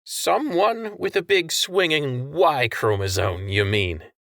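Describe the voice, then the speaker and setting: A man's voice: medium pitch, expressive, measured pace, sharp tone, no echo, studio quality, voice pushed up. A man voicing a scornful male ferryman who taunts and pokes fun. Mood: taunting.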